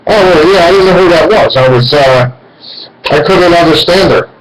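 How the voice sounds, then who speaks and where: A man's voice: on the high side, normal speed, a loud crowd, poor audio. A man in his forties hosting a radio call-in show, talking in a rambling, meandering way. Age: 40s. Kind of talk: casual call-in talk.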